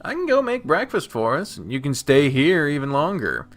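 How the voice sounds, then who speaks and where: A man's voice: on the high side, wildly swooping pitch, normal speed, faint music behind. A man reading a visual novel aloud and breaking off into casual commentary that often turns to swearing. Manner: casual, swears freely, reads the narration softly, then breaks out into loud commentary. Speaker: game streamer.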